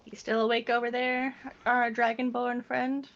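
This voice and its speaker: A woman's voice: on the high side, flat delivery, moderate pace, a bit bright, muffled recording. A woman running a tabletop game as game master, wry and teasing as she calls the rolls.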